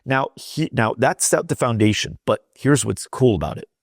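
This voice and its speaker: A man who is a podcast guest, telling a rambling, animated story in casual chat at the host's home. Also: mid-range voice, normal speed, no echo, studio quality.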